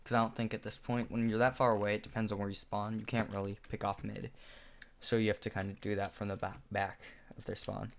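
A man with a fairly low voice talks through his own shooter match in a casual, chatty way. He pokes fun at his own play and breaks into sudden excited outbursts. A clear hiss sits under the voice, with keyboard clicks and in-game gunfire behind him. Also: fast. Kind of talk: casual gameplay commentary. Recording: noisy home recording with background hiss.

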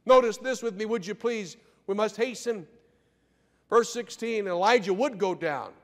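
A man pastor preaching a sermon, firing rhetorical questions and swinging between loud declarations and hushed asides. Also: high voice, moderate pace. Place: church sanctuary. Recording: long church reverb.

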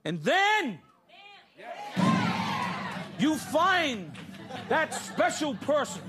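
A man's voice: very high voice, huge pitch swings, drawn-out words, music in the background, a crowd in the background. A middle-aged man hosting a live cooking show, talking emphatically and coaxing the audience with repeated "okay?" and "you see?". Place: TV studio kitchen with live audience. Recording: studio audience and background noise.

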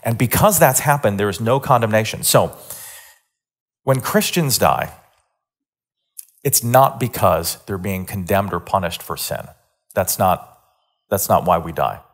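A man with a somewhat low voice delivers a sermon-style lecture in an earnest way. He often restarts and repeats words when stressing a point, and his pitch and volume climb as he leans in. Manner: earnest, builds emphasis with rising pitch and volume.

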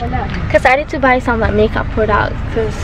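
Giggly high-voiced young woman. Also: fairly quick, noisy background. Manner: giggly, chatty, easily excited. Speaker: vlogger. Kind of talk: casual shopping vlog. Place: shops and mall. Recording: music playing over the voice.

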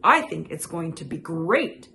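A woman voicing a sleepy, friendly bear who loves hugs in a read-aloud picture book, slow and easygoing. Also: deep voice, sing-song, vocal fry, sharp tone, slight background noise, heavily acted.

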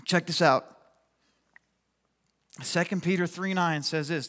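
A man preaching a sermon, telling a personal story in an animated, chatty way with lots of fillers. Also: a little high, slow, long pauses. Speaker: pastor. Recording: long hall reverb.

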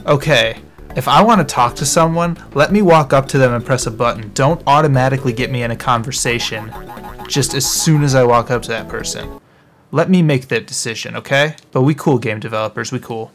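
A young man casually commenting on his own gameplay as a let's play host, chatty and quick to react. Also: mid-range voice. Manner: excitable, chatty, reacts loudly to the game. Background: game music.

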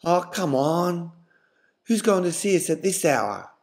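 A wheedling young boyfriend pleads over and over, slow and drawn out, as a male joke-teller puts him on. He sounds pushy and needy. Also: fairly high pitch, very animated, voice pushed up. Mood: coaxing. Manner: coaxing, begging.

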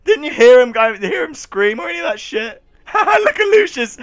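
A young man doing let's play commentary on a video game, excitable, dropping from low mutters to loud yells. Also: normal speed, faint music behind. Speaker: gaming YouTuber.

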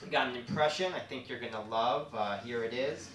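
A man doing a stand-up comedy set on stage, quick and jokey, breaking into silly put-on voices. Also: mid-range voice, fairly bright tone, a little hiss or hum. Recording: echoey hall, from a distance.

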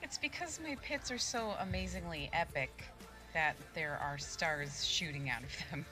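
Over music, a woman with a low voice talks at normal speed while live-streaming a game. Her casual chat is full of crude jokes, and she giggles and laughs often.

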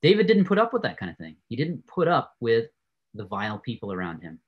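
Brief: male Bible teacher, lively and expressive, swinging pitch, laughs easily. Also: fairly quick, narrow, tinny audio. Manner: animated storytelling, frequent laughs. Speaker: Bible class speaker. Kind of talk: Bible class lecture.

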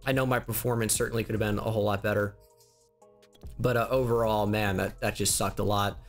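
A man's voice: lowish voice, fairly even intonation, fairly quick, faint music behind. A man giving casual commentary on his video game season, frustrated and stammering, with some swearing. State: upset. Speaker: gaming YouTuber.

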